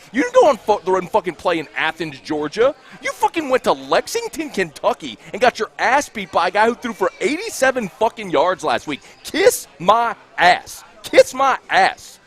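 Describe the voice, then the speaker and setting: Brief: high-voiced, Louisiana-accented sports radio host, furious, profane, shouting rant. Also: male voice. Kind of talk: heated postgame talk radio rant. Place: cigar bar.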